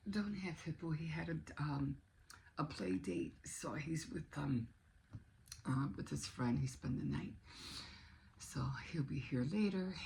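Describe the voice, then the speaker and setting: A woman's voice: low voice, vocal fry, mellow, a little hiss or hum, low-quality recording. A woman in her sixties chatting casually in a vlog, rambling along with many restarts. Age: 60s. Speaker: vlogger. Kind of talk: casual chat.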